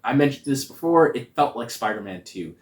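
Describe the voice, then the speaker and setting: A man giving a casual spoiler review of a movie, talking in a slangy, animated, rambling way. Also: mid-range voice, fairly quick. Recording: roomy echo.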